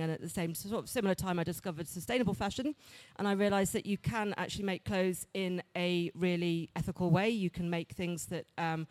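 A woman speaking on a panel, thoughtful and halting, with many fillers. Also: lowish voice, a little mellow. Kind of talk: panel talk.

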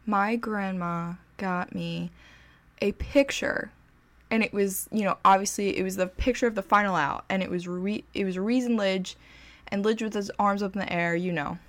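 A young woman vlogger casually telling a story to the camera, chatty and excitable with a self-deprecating streak. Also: medium pitch, moderate pace. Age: young adult.

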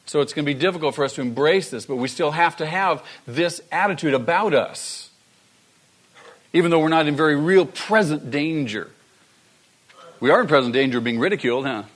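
A man's voice: a little high, brisk. A man preaching a sermon, repeating his key phrases and asking the congregation rhetorical questions. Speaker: pastor.

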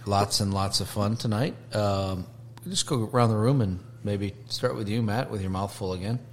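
A man's voice: on the low side, normal speed, slight background noise. A man hosting a casual podcast chat, joking and teasing his guests. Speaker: podcast host.

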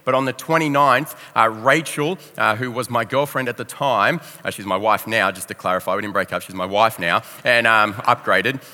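A young Australian man preaching a sermon as a pastor, telling a personal story in an animated, self-deprecating way and acting out quotes. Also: lowish voice, moderate pace, hardly any pauses. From Victoria, Australia. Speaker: youth pastor. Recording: long hall reverb.

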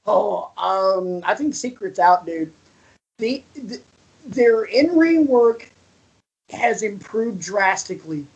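Husky, high-voiced excitable man. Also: slow, dull audio. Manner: excitable, animated, swears casually. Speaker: podcast co-host. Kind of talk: casual wrestling chat.

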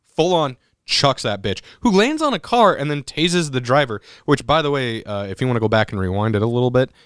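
Man for a loose podcast chat, animated and profane, smooth tone, dry recording. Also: medium pitch, fairly quick, no room sound. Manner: animated, swears freely, restarts often. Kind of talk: casual profane movie chat.

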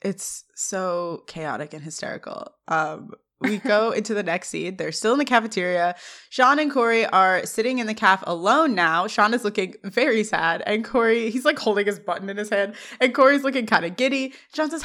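A woman's voice: mid-range voice, normal speed, a bit bright. A young woman co-hosting a podcast, recapping scenes casually and animatedly reading out the dialogue. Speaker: podcast co-host.

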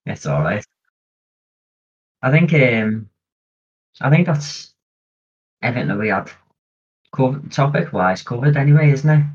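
Easygoing man, husky, lo-fi. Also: mid-range voice, big pitch swings, a little slow, pauses often. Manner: easygoing, chatty, planning aloud. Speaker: podcast co-host. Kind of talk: casual chat. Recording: dull lo-fi audio.

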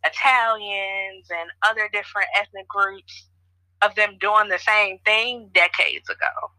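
Woman from Chicago, podcast host, casual storyteller, bright tone. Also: mid-range voice, fairly even intonation, measured pace, no room sound, low-quality recording. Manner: chatty, storytelling, frequent fillers. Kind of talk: casual conversation.

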